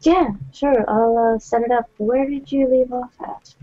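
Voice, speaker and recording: A woman's voice: a little high, steady tone, unhurried, warm tone. A woman playing a tabletop role-playing game, speaking hesitantly and repeating words. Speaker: player. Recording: dull lo-fi audio.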